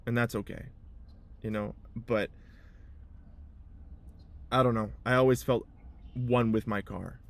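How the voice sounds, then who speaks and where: A young man talking to camera from inside his car in a rambling personal vlog, repeating himself and holding back tears. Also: mid-range voice. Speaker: vlogger.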